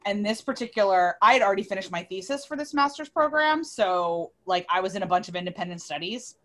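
A woman in her thirties, a bit tipsy, telling a long story on a podcast in an animated, sweary way, often cutting herself off mid-word. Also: mid-range voice, fairly quick. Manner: animated, swears freely, self-interrupting. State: tipsy from drinking. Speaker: podcast co-host. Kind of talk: casual storytelling chat.

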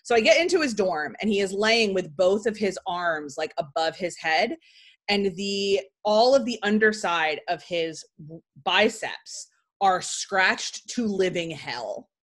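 A woman in her forties hosts a podcast and tells a story in a casual, chatty way. Her pitch sits in an ordinary middle range. She fills her talk with "like" and throws in quick, lively asides. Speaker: podcast host.

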